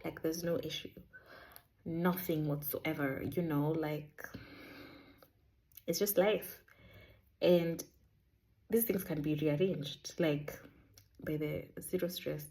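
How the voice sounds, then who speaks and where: Woman vlogger, lowish warm voice, animated chatty storyteller. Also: slow, long pauses. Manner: chatty, animated, sprinkles in Swahili words. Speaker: vlogger sharing a faith testimony. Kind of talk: casual storytelling.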